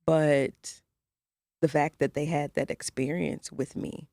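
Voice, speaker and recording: A woman's voice: sits low, little pitch movement, slow pace, gravelly, warm tone, no room sound, clean studio sound. A middle-aged woman co-hosting a podcast, telling a personal story in candid casual conversation and acting out the voices of the people she quotes. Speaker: podcast co-host.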